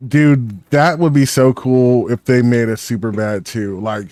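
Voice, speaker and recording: A man's voice: mid-range voice, steady tone, a little slow, darkish tone, dry recording, clean studio sound. A man co-hosting a casual podcast, laid-back and goofy, swearing casually as he chats. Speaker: podcast co-host.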